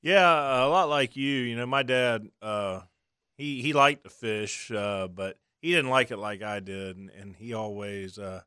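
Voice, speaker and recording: A man's voice: fairly low pitch, unhurried, pushed and bright, clear, resonant tone, no room sound, studio quality. A man guest on a fishing talk show, chatting easygoing about memories with frequent fillers. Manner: easygoing, many fillers and restarts. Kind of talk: casual chat.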